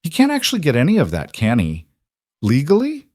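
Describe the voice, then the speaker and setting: A man voicing a composed, guarded businesswoman who answers in a careful, measured way in an audio story. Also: a little high, wildly swooping pitch, darkish tone, dry recording, clean studio sound, pitched above the performer's own voice.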